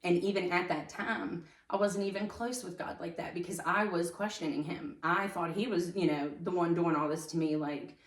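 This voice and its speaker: Brief: deep-voiced woman sharing personal testimony, hesitant and full of fillers, recorded in a roomy space from a distance. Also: steady tone. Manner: halting, with many fillers and restarts. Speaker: podcast guest.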